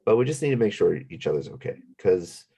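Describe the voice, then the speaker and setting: A man's voice: lowish voice, big pitch swings, fast, vocal fry, mellow, husky. A man co-hosting a podcast, talking earnestly and building his points step by step. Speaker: podcast co-host. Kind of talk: casual chat.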